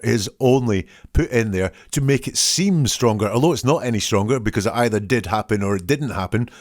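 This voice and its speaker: Low, dry-voiced man analysing wording. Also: darkish tone, no room sound. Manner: analytical, reads quotes aloud and picks apart wording. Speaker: host analysing statements. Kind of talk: solo commentary.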